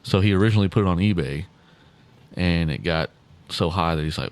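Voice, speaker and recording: A man's voice: low voice, a little fast, clear, resonant tone. A man co-hosting a podcast in casual chat, laughing and stumbling over his words. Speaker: podcast co-host.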